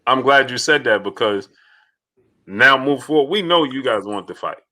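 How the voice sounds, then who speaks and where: A man's voice: medium pitch, animated, moderate pace, sharp tone. A man hosting a casual interview, laid-back, keeps checking in with "right?" and "you know". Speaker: interview host.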